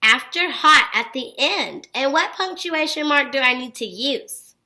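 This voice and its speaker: A woman's voice: high voice, measured pace. A woman teacher giving a phonics lesson to young children, upbeat and full of encouraging praise, reading example sentences with exaggerated expression. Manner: exaggerated expressive read-alouds.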